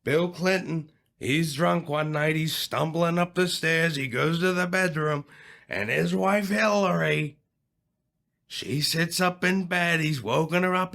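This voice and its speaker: A man's voice: a little high, measured pace, creaky, sharp tone, heavily acted. A man playing a boastful older male president who tells crude jokes in a rambling, repetitive way. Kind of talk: comedic impression in an audio play.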